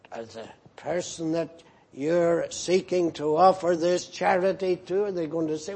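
Male pastor, slow and deliberate sermon delivery, husky tone, earnestly rebuking. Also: on the high side, a little mellow. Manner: earnest, rebuking, emphatic repetition.

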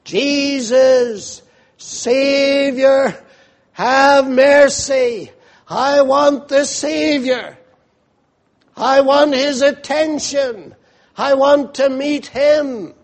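Preacher crying out as a desperate blind beggar. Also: male voice, sits high, slow, few pauses, full character voice. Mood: pleading. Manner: loud pleading cries.

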